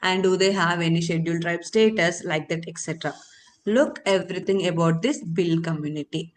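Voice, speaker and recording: A woman's voice: lowish voice, a little fast. A woman teaching a current affairs lesson for exam candidates, repeating key terms and answering her own questions.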